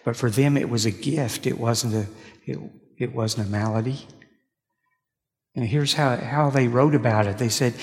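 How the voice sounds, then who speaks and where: Man preaching in a reverberant hall. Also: mid-range voice. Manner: storytelling, with halting restarts. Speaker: pastor. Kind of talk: sermon. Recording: long reverb of a large hall.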